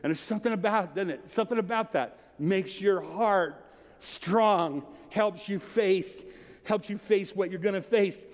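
A man's voice: sits high, a little slow. A man preaching a sermon as pastor, building to fervent declarations and calling out hallelujahs. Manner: preaching with rising fervor and repeated hallelujahs. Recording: long hall reverb.

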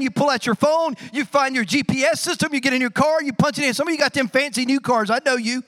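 A middle-aged man preaching a sermon as pastor, animated and humorous, telling stories with sound effects. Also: very high-pitched.

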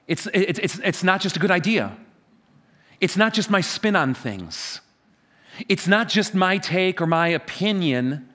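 A man's voice: expressive, measured pace. Emphatic male pastor preaching. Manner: emphatic, repeats phrases, wide swings in pitch and loudness. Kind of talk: sermon. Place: church stage.

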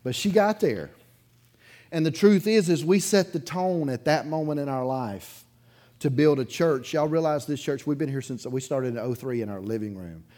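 A man preaching a sermon as pastor in his church, telling a story in a loose, conversational way, chuckling between sentences and swinging from loud bursts to quiet asides. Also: a little high, normal speed. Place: church sanctuary, in front of a congregation.

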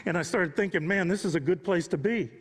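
An older male pastor in his sixties with a notably high voice delivers an unscripted sermon. He shifts between gentle personal stories and fervent, climbing pleas. His voice rings out with a long reverb through a church sanctuary. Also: fast talker, breathy edge. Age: 60s. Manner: preaches off the cuff, building from quiet storytelling to impassioned rising appeals.

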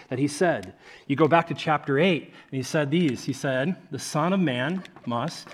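A man preaching a sermon as pastor, animated, swinging between loud excited stretches and soft hushed ones, acting out characters in quick asides. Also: medium pitch, slightly rough.

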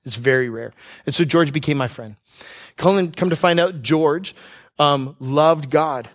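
Earnest storytelling pastor, man, higher voice. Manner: earnest, with light humor and slowed emphasis. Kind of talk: conversational sermon with personal storytelling.

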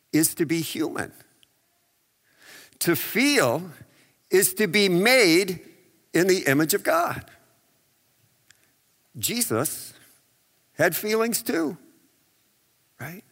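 A man's voice: high-pitched, sing-song, extremely slow, long pauses, fairly bright tone, breathy edge, long reverb tail. A male pastor giving a conversational sermon, asking the audience rhetorical questions and acting out what people say. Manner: conversational preaching with rhetorical questions and acted-out quotes.

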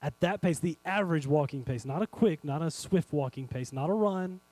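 Man, pastor, sermon, high voice, dry close sound, animated. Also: fairly quick, few pauses, no echo, low-quality recording. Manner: animated, addresses congregation directly, swings between loud and hushed.

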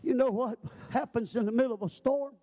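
A male preacher delivering a sermon in a shouting, sing-song cadence. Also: extremely high pitch, brisk, muffled recording.

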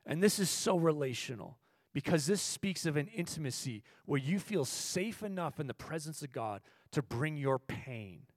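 A male pastor preaching a sermon, moving between quiet teaching and loud, impassioned passages, and asking the audience questions. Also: fairly high pitch, expressive, normal speed, no echo.

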